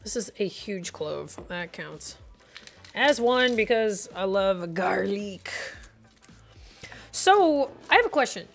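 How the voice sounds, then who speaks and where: A woman's voice: medium pitch, very animated, slow pace, vocal fry, long pauses, fairly bright tone, faint music behind. A woman chatting playfully with her viewers while cooking on a live stream. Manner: chatty, playful, answers chat aloud. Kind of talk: casual cooking livestream chat.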